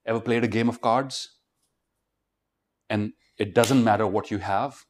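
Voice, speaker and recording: A man giving a motivational talk to students, animated and constantly quizzing the crowd. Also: on the low side, measured pace. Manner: animated, keeps quizzing the audience and leading call-and-response. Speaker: motivational speaker.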